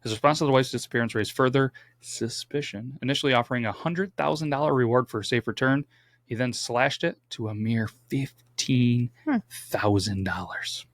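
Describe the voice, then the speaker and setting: Male podcast co-host, gravelly, dry close mic, relaxed true crime storytelling with wry asides. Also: medium pitch, moderate pace, dry recording. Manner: reads case notes, adds wry asides.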